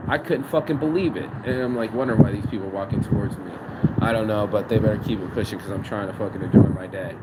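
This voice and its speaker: A man's voice: medium pitch, quick pace. A man ranting and telling stories with heavy swearing, recording himself on his phone out in the city. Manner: profane, venting, storytelling. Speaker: vlogger. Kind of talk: outdoor rant vlog. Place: outdoors in a city. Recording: noisy outdoor street recording. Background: traffic and street noise.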